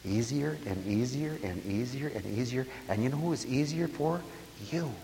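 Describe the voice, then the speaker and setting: A man preaching a sermon, swinging from hushed murmurs to loud exclaiming and chuckling between points. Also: medium pitch, expressive, normal speed, gravelly. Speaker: pastor. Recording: hall reverb with faint hiss.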